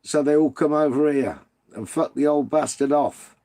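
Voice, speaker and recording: Gravelly-voiced blunt British man. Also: a little high, moderate pace, dark tone. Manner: blunt, sweary, ranting. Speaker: livestream host reading viewer comments. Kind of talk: casual live chat.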